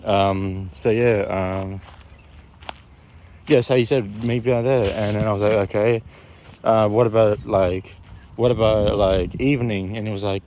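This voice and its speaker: A man's voice: on the low side, steady tone, a little slow, mellow. A young man telling a rambling storytime vlog from a park, full of fillers and restarts, filmed on a phone with faint outdoor noise.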